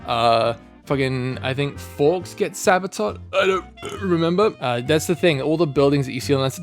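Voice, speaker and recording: A man's voice: on the high side, moderate pace, few pauses, soft background music. A young man casually retelling a story's lore, rambling and self-mocking, with frequent swearing. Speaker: content creator.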